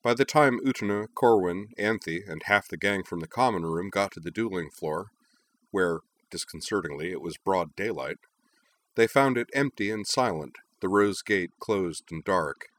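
A man narrating a story in a lively, expressive reading. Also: low-pitched, normal speed.

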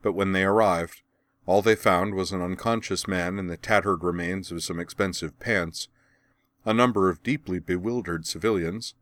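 A man narrating an audiobook of fan fiction in a steady, even storytelling manner. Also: low voice, moderate pace, no echo.

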